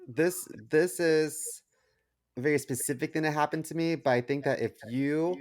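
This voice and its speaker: A man co-hosting a podcast in casual chat, teasing his partner and telling stories quickly. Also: on the high side, no room sound, clean studio sound. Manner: teasing, quick, mocking retellings. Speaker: podcast co-host.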